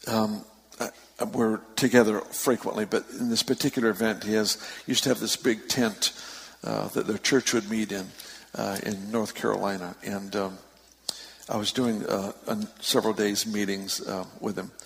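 A man preaching a sermon, telling stories with lively emphasis and easy laughs. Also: on the low side, moderate pace, creaky. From San Francisco Bay Area. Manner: storytelling, animated with laughs and rising emphasis. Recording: long hall reverb.

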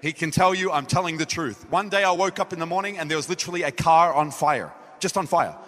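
An Australian man preaches to a gathering, his voice bright and a little high for a man. He tells his story with animation and acts out what he said back then. A long reverb from the hall follows every phrase. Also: fast talker. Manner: animated storytelling, acting out his own dialogue. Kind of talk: sermon. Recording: echoey hall.

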